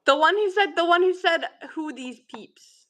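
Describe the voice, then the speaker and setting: Young woman streamer, high and bright, dramatic and laughing, unhurried delivery. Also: expressive. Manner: dramatic, laughing, shrieks for emphasis. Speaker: livestream host. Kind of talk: casual livestream chat.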